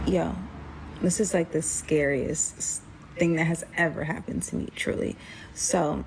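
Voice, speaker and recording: A young woman telling a personal story in casual storytime style, full of fillers, acting out quotes with big jumps in pitch and dropping to a whisper at tense moments. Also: steady tone, normal speed, a little hiss or hum. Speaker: storyteller vlogger.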